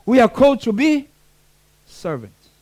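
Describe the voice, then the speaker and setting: High-voiced animated preacher man. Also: unhurried. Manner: animated preaching with acted-out quotes and non-native phrasing. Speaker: pastor. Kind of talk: sermon.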